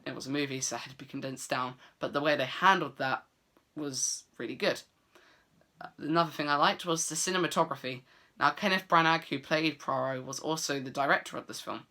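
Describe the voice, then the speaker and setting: A man's voice: a little high, bright, forceful tone. A man giving a casual, enthusiastic film review to camera, with frequent fillers and restarts.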